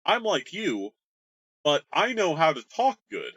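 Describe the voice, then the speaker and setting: Bored slacker god guy, a man putting it on, flippant, bright voice. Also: fairly high pitch, huge pitch swings, measured pace, dry recording, dull audio, exaggerated voice. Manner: flippant, casual. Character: bored male god posing as an elf.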